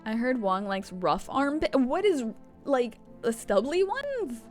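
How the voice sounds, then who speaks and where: Joking woman gamer, kinda high voice, bouncy, reads stuff off screen. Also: very animated, takes it slowly, soft background music. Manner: playful, joking, reads game text aloud. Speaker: streamer. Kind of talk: casual gameplay commentary.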